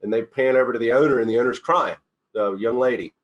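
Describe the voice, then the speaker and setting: Middle-aged male speaker, earnest and rambling, lots of self-corrections, average pitch. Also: fast, dull audio. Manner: rambling, restarts often, earnest storytelling. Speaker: company CEO giving a talk. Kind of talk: informal motivational talk.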